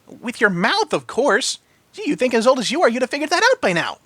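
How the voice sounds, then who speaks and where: A man voicing a tiny, hyperactive female pony in a storybook reading, with a squeaky, sing-song, bouncy delivery. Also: big pitch swings, fairly quick, bright, forceful tone, no echo, full character voice. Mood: giddy.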